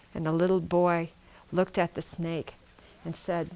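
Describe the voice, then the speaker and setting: A woman's voice: lowish voice, little pitch movement, unhurried, darkish tone. A woman telling a traditional story aloud, repeating phrases and asking her listeners questions. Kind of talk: oral storytelling to a live audience.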